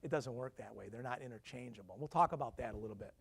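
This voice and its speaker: A man's voice: medium pitch, fast, creaky, husky. A man, a professor, giving a conversational lecture to alumni, peppering the room with questions and self-deprecating asides. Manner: conversational, quizzing the audience with questions.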